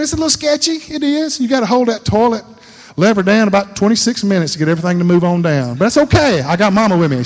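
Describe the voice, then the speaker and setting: A middle-aged man preaching a sermon, telling a folksy story and laughing often. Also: sits high. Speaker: pastor. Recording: long hall reverb.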